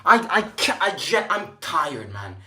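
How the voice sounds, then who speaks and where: A man's voice: fairly high pitch, big pitch swings, unhurried, noisy background. Exasperated man ranting in an echoey room. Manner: exasperated, swearing, repetitive ranting. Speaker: football fan channel host. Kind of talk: post-match reaction rant.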